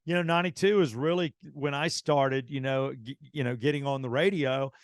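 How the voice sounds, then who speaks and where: A man's voice: mid-range voice, brisk, dry recording. Man, middle-aged, radio host, casual storytelling, acts out quotes, dry studio sound. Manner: animated anecdote teller, acts out quoted dialogue.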